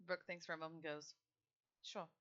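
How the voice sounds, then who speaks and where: Bright-voiced woman game master. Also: fairly low pitch, steady tone, normal speed, smooth. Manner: casual, loose narration with fillers. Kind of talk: narrating a tabletop game. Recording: slightly dull lo-fi mic.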